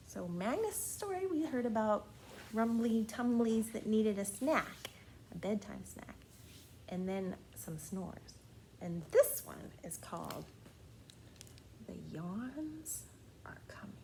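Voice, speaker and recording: Gentle slow-reading librarian woman. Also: on the high side, lively intonation, slight background noise. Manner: playful, gentle, drops to soft hushed tones. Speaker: children's librarian hosting storytime. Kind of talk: bedtime storytime read-aloud for kids.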